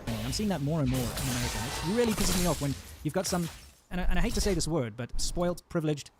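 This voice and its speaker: A man's voice: a little high, animated, fast talker. A man from Africa, rambling through an opinion monologue full of ums and side tracks. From South Africa. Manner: rambling and digressive, many ums. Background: loud metal music.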